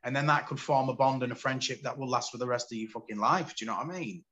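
A man in his forties from the UK, a podcast guest telling his story in candid, animated casual conversation. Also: medium pitch, fast, low-quality recording. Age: 40s.

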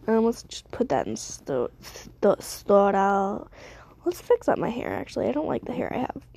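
A woman's voice: medium pitch, very animated, normal speed, gravelly, dark tone, no echo. A young woman streamer giving rambling, self-deprecating casual commentary while she plays a game.

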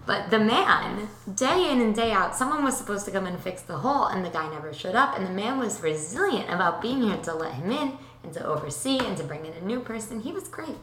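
A young woman co-hosting a casual chat, telling stories in an animated, chatty way. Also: medium pitch, a little fast, few pauses. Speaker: podcast co-host. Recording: roomy echo.

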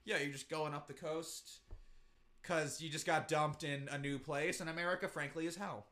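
A man co-hosting a casual podcast, telling an animated story with swearing and mocking quotes. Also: a little high, normal speed. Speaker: podcast co-host.

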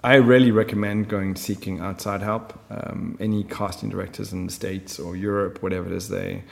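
A man's voice: deep voice, little pitch movement, a little fast, creaky, long reverb tail. A man talking as a film director in an interview, chatty and full of fillers. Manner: chatty storyteller, many fillers. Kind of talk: conversational interview.

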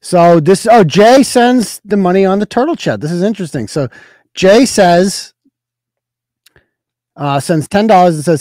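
A man's voice: high voice, lively intonation, measured pace, pauses often, darkish tone, no echo. A man hosting a livestream podcast, talking casually, blunt and profane, grilling a caller. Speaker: podcast host.

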